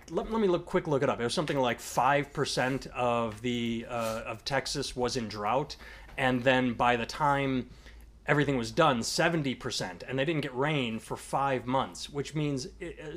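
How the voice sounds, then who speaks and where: A man, a comedian and podcast co-host, talking in loose casual chat that rambles, swears freely and heats up into rants. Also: mid-range voice.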